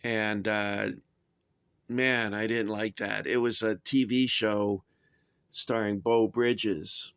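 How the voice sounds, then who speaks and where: A man reviewing his toy soldier collection in a casual, chatty way, often pausing with "uh" and adding dry asides. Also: on the low side, little pitch movement, fairly bright tone, smooth, dry recording. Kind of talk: casual show-and-tell review.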